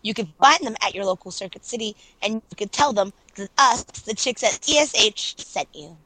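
Bright, dry-sounding Massachusetts woman. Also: medium pitch, lively intonation, normal speed, no room sound, rough recording. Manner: chatty, filler-heavy, giggly. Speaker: podcast co-host. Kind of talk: casual chat.

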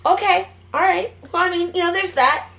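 A woman's voice: very high-pitched, normal speed, gravelly, a bit bright. A young woman co-hosting a casual gaming and gadget podcast, bubbly and jokey, rambling with fillers. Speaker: podcast co-host.

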